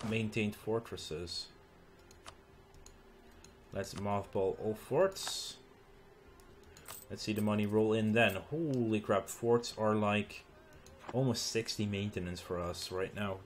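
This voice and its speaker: Low-voiced man musing over a strategy game. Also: slight background noise. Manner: musing aloud, halting with ums and restarts. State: tired, recording late at night. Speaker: gaming channel host. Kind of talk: let's play commentary.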